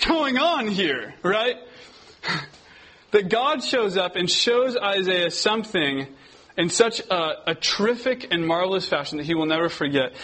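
Young man, husky voice, slightly high, casual sermon, conversational, animated storytelling. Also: poor audio. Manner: conversational, restarts often, animated when telling stories. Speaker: preacher. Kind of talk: casual sermon to a youth group.

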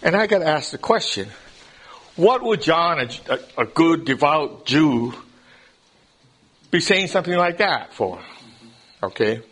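A man leads a Bible class in a lecture style, walking through each point step by step and pausing to check that his listeners follow. His voice sits at an ordinary middle pitch, and he often restarts phrases, repeating a word before going on. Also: a bit bright. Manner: repeats words when starting a thought. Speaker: Bible study teacher.

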